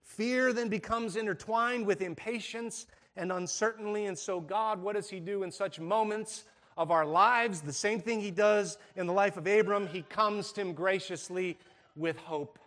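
A man preaching a sermon in a conversational way, asking the congregation rhetorical questions and going soft and hushed in tender moments. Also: high voice, moderate pace. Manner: drops to a soft, hushed delivery for tender passages. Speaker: pastor.

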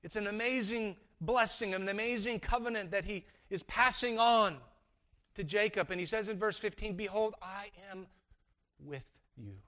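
Male pastor, sermon delivery, high bright tone, stop-start emphasis. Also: normal speed. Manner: emphatic preaching with frequent restarts.

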